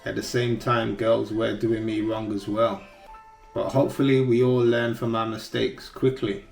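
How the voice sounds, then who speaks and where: A man's voice: fairly low pitch, level tone, moderate pace, gravelly, echoey room, soft background music. A man hosting a reaction commentary, speaking earnestly and giving advice on relationships. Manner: earnest, advising tone. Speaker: commentary host.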